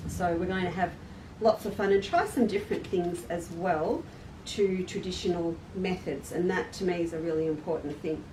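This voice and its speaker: A woman's voice: fairly low pitch, normal speed. Woman, chatty live-stream host, roomy echo, off-mic. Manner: chatty, friendly, laughs at herself. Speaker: quilt shop owner hosting a live stream. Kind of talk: casual live demonstration talk. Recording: roomy echo, distant mic, faint noise.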